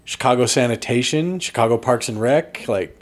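A man with a mid-pitched voice co-hosts a podcast. He banters with dry, playful humor in casual chat. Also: normal speed. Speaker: podcast co-host.

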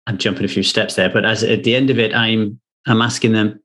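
Low-voiced, thoughtful male podcast host. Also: fairly even intonation, fairly quick, a bit bright. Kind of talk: casual podcast conversation.

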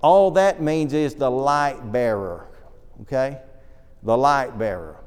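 A man preaching a sermon in a church, teaching quickly through Bible passages and reading scripture aloud. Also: medium pitch, smooth. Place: church auditorium. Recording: long reverb of a church hall.

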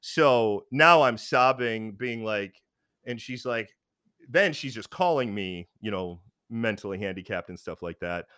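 A man's voice: lowish voice, expressive, measured pace, pushed and bright, clean tone, dry recording, clean studio sound. A man telling a personal story in casual chat, frank and rambling with many fillers and restarts.

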